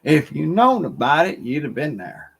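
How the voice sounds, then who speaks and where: A man's voice: on the high side, sing-song, normal speed, vocal fry, breathy edge. A man with a Southern US accent chatting casually on a livestream, folksy and rambling, laughing often. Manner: folksy drawling storyteller, laughs often, mumbles some words. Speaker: livestream host.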